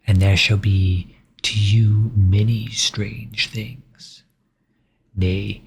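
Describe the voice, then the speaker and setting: A man voicing a courteous old aristocratic male vampire count, in whispered role-play with soft, measured, formal speech. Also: on the low side, creaky.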